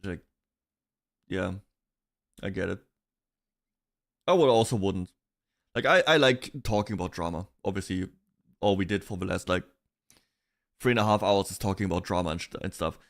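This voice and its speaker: A man's voice: low-pitched, moderate pace, long pauses. A man streaming, chatting casually about online drama in a rambling way, with restarts and bursts of laughter.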